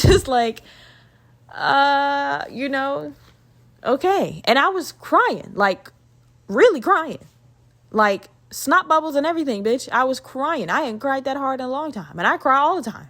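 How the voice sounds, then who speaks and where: A woman's voice: high voice, big pitch swings, moderate pace, fairly bright tone. Candid, foul-mouthed woman telling a story. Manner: candid, profane, chatty with frequent fillers. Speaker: podcast host. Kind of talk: casual personal storytelling.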